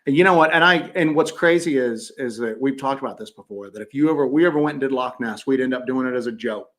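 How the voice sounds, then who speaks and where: Male co-host, casual livestream chat, joking and animated, mid-range voice. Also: medium pitch, fast. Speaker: co-host of paranormal podcast.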